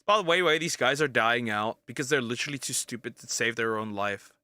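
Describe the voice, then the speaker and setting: A young man reacting to clips with crude jokes, restarts and sudden bursts of yelling. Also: mid-range voice, fairly quick, over loud music. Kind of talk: casual reaction commentary.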